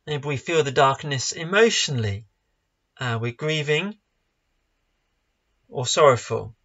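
A man's voice: fairly high pitch, bright, forceful tone, highs cut off. A man, a pastor giving an online sermon in a conversational, lightly joking way. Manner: conversational, self-deprecating humor.

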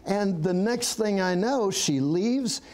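A man's voice: sits high, animated, slow, darkish tone. A middle-aged man, a pastor, telling his testimony in an interview, earnest and storytelling, laughing now and then. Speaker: pastor, guest.

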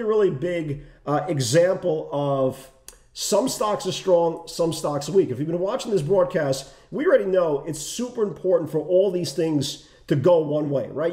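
Male trading coach, chatty and animated, slightly high mellow voice, echoey room. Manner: animated, conversational, many asides and "right?". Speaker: trading educator. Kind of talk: casual market commentary.

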